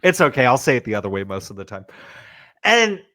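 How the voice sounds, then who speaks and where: A man's voice: mid-range voice, sing-song, fairly quick, sharp tone. A man co-hosting a casual podcast, chatting about wine in an easygoing but opinionated way. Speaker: co-host.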